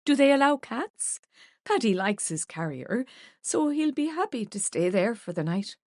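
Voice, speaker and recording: A wistful middle-aged woman, as a narrator plays her, speaking higher than a plain reading voice. She sounds affectionate and expressive, recorded close and dry like a storybook reading. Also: unhurried, no room sound.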